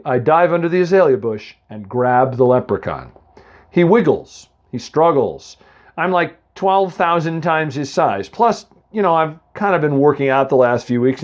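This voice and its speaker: A man from the Boston area reads a comic first-person story, wandering off into asides to the listener. His voice sits slightly high and moves up and down a lot. The recording sounds dull and lo-fi. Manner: rambling, chatty, full of asides to the listener.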